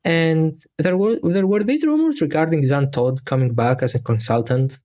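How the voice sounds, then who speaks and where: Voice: mid-range voice, lively intonation, normal speed, warm tone. A speaker in their twenties hosting a casual podcast interview, hesitant and often repeating words while thinking. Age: 20s. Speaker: podcast host.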